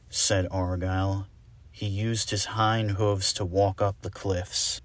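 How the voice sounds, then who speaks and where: A man reading a fan-made storybook aloud, slow, soft and deliberate. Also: sits low, no echo. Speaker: audiobook reader. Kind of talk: storybook narration.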